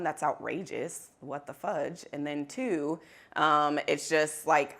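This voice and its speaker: Woman, workshop facilitator, low gravelly voice, candid and animated, conference room. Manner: animated, candid, laughs easily. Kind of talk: interactive workshop talk.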